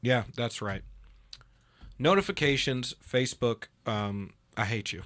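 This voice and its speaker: A man's voice: mid-range voice, measured pace. Casting: male talk-show host, conversational, acts out quoted voices when telling a story. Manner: animated storyteller, acts out dialogue in a raised voice. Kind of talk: casual political talk.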